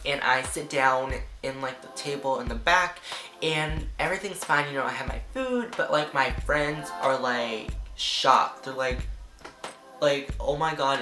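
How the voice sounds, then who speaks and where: A young man tells a storytime to his camera, rambling and packing every sentence with fillers. He gets excitable and acts out how people reacted. His voice rings around a reverberant room while clear background music plays beneath him. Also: fairly high pitch. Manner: chatty, rambling, fillers of "like" throughout. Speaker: vlogger. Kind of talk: casual storytime vlog. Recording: roomy echo with background music.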